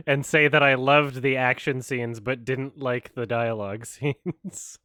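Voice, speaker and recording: A man talks over a show he is watching, tossing off dry, sarcastic remarks in a mumbled, offhand way. His voice has a bright, edgy tone, and the close mic sits in a dry room with no echo. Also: medium pitch, slow pace. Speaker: host reacting to a show. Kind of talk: casual watch-along commentary.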